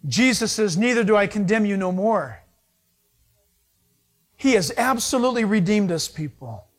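A male pastor delivers a sermon in a notably high voice that leaps up and down with energy. He jokes with his listeners and acts out little exchanges between people as he goes. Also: animated, moderate pace.

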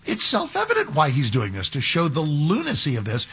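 Male talk radio host, husky voice, chatty, sarcastic. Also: a little high, wildly swooping pitch, a little fast, pushed and bright. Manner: conversational, sarcastic asides, frequent restarts.

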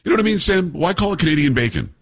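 A man's voice: on the high side, big pitch swings, racing. A middle-aged man hosting a radio talk show, chatting casually and joking with his co-host. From Texas. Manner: chatty, joking, name-dropping asides. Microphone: studio microphone.

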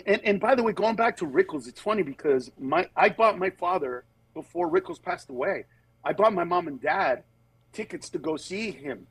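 A man, a comedian guest, telling stories in casual chat, animated and acting out other people in high voices, then turning earnest. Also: moderate pace, gravelly, husky, dry recording, rough recording. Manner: turns earnest and reflective. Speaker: comedian guest on a talk show.

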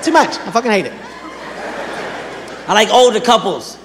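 A man's voice: high-pitched, lively intonation, moderate pace, noisy background. A man doing stand-up comedy, brash and profane, acting out scenes. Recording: reverberant venue with crowd.

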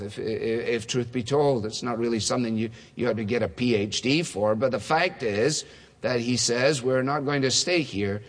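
Male preacher, conversational sermon, mid pitch, reverberant church hall. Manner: conversational, acts out dialogue voices.

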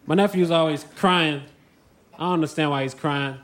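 Fairly high-voiced male comic. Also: normal speed, a bit bright. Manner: playful, mock-whiny impressions. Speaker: stand-up comedian. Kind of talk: stand-up set.

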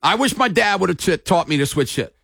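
High, gravelly man on sports radio. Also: expressive, brisk, fairly bright tone, dry recording, studio quality. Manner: storytelling, folksy and emphatic. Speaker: radio show host.

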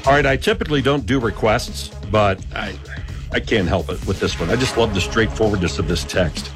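A man's voice: lowish voice, fairly quick, over music. A man hosting a morning talk radio show in a studio, joking and laughing easily between segments. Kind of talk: casual morning radio chat. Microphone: studio microphone.

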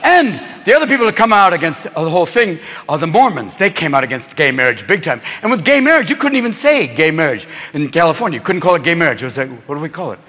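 A man performing live stand-up, rapid-fire and shouting punchlines, dropping into voices. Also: on the high side, sing-song. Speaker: stand-up comedian. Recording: big echoey hall with live audience.

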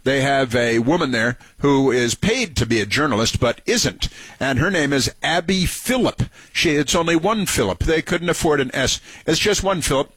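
A man's voice: a little high, animated, moderate pace, fairly bright tone, breathy edge, no echo. A man hosting a radio talk show, giving sarcastic political commentary, mocking and repeating phrases for emphasis. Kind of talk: political commentary over played clips.

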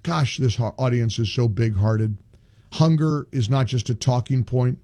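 An older man hosting a talk radio show, talking emphatically and getting louder and higher as he rants. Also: measured pace, dry recording. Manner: animated, emphatic, rising pitch when ranting.

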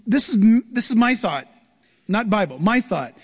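A man's voice: high voice, measured pace, husky, big-room sound. A man preaching a sermon, reading scripture and acting out the voices of the people in it. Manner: animated, acts out quoted voices.

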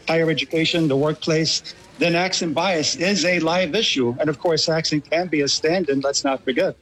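Slightly high-voiced American man. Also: low-quality recording. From Los Angeles, USA. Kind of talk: radio discussion.

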